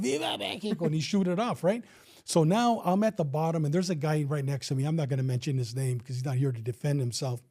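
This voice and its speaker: A man's voice: a little high, mellow. A middle-aged man, a retired police officer, telling a story in casual conversation. He talks animatedly, acts out what people said, and swears freely.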